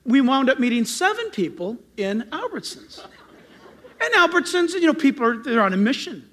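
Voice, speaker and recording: A middle-aged man preaching from the pulpit with a strikingly high voice that swoops up and down. His tone is bright and ringing, and he tells his stories with animated energy, acting out greetings loudly. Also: normal speed. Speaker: pastor. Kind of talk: sermon.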